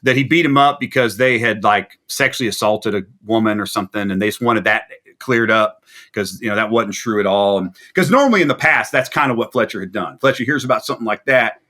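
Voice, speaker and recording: A man's voice: on the low side, a little fast. A man guest on a video interview, telling a long rambling story and acting out the people in it. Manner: rambling anecdotal storyteller, animated quoting. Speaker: musician guest.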